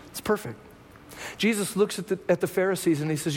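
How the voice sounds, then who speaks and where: A man preaching a sermon as pastor in a conversational way, dropping to hushed lines and rising to raised ones. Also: high voice, normal speed, long pauses. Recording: long hall reverb.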